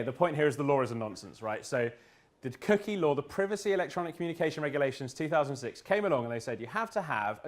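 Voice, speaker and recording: A man from the UK giving a humorous business presentation to an audience in an event room, with quick jokes and restarts. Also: mid-range voice. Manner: joking, quick asides, restarts. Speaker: speaker at a business talk.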